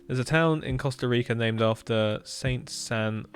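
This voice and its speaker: A man's voice: medium pitch, a little slow, clean tone. A man with a Hampshire accent chatting casually on a live stream, reading chat and laughing often. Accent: Hampshire English. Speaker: livestreamer.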